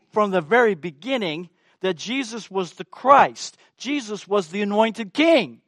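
A man's voice: high voice, a bit bright, dry recording, clean studio sound. A man preaching a sermon, emphatic and asking the congregation rhetorical questions.

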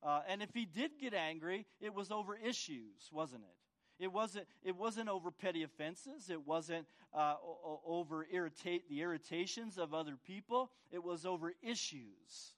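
Man, pastor, sermon, high voice, tag questions to the congregation, repeated words. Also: animated, normal speed, a bit bright.

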